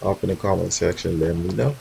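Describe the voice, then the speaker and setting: Low-voiced man, laid-back gaming vlogger, speaks to his viewers over faint background noise. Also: fast, gravelly, dark tone, rough recording. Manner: laid-back, slangy, talks straight to viewers. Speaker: roleplay gamer showing off his cars. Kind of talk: casual gaming vlog commentary.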